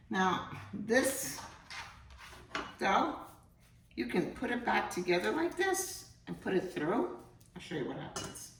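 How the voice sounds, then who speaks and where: A woman's voice: mid-range voice, big pitch swings, a little slow, gravelly, pauses often, fairly bright tone. Middle-aged woman, cooking show host, chatty and self-mocking, roomy distant sound. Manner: chatty, jokey, talks straight to viewers as "guys". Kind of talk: casual cooking demonstration. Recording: roomy, distant from the mic, faint hum.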